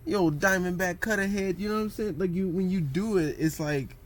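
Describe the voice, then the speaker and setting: A man's voice: sits high, a little fast. A man talking casually and rambling about meditation and posture, often asking "you know what I'm saying" and acting out what others say. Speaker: vlogger.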